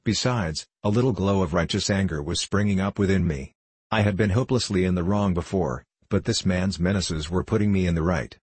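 A man narrating an audiobook in a measured, wry storytelling manner. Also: deep voice, a little mellow, breathy edge, no echo.

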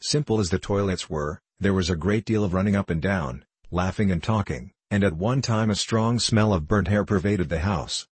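A man reading a classic novel aloud as an audiobook narrator, in an even, unhurried manner. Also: deep voice, husky, no echo. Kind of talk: scripted narration.

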